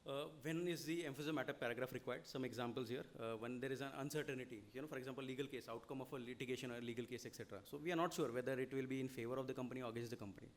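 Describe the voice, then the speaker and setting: Rapid-fire Indian man lecturing. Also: medium pitch. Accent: Indian English. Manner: rapid, explanatory, frequent "you know" and "okay?". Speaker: lecturer on audit reporting. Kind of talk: seminar lecture.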